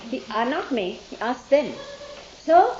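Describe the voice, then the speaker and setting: A woman with a slightly high voice recounts a childhood memory to a listening group, animated and hesitant in turns as she plays out the old conversations. The recording is dull and lo-fi, carrying the long ring of a roomy hall with a faint hiss underneath. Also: a little slow. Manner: animated, acts out remembered dialogue with rising pitch; hesitant fillers and self-corrections. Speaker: storyteller recalling her youth. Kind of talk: informal spoken memoir to a listening group.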